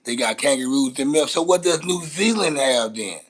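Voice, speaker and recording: A man's voice: medium pitch, animated, moderate pace, breathy edge. A man with a Los Angeles accent hosting a casual live-stream chat, teasing his viewers in brash, profane banter. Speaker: host.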